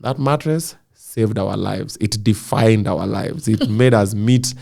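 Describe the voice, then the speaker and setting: A man with a Kenyan accent, a comedian chatting as a guest in a relaxed interview, telling stories in a lively way and laughing often. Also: on the low side, slow pace, gravelly. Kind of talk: casual interview chat.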